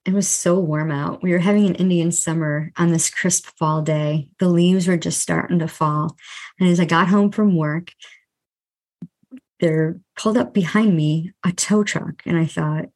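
A woman's voice: lowish voice, unhurried. A woman hosting a podcast, telling a personal story and acting out the dialogue with emphasis. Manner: lively retelling with quoted dialogue. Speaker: podcast host.

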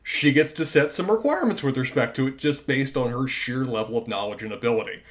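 Male podcast co-host, analytical and measured, middle pitch. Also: expressive. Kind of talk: casual recap chat.

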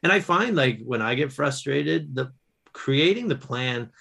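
A man, a guest author and educator, telling stories in casual conversation, animated, with quick restarts. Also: mid-range voice, gravelly, slightly rough. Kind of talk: casual storytelling.

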